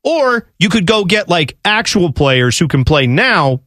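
A man hosting casual sports talk who rants with an animated delivery and frequent restarts. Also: high voice, unhurried, no room sound, clean studio sound. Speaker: sports radio host.

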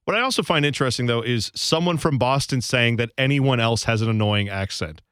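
A man's voice: mid-range voice, a little fast, fairly bright tone, smooth, no echo. A male radio host in casual sports-talk banter, joking and slipping into mock accents, on a studio microphone.

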